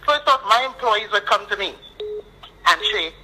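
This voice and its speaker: Trinidadian woman caller, very bright tone, firm and indignant, phone line. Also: medium pitch, expressive, moderate pace. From Trinidad and Tobago. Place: at work.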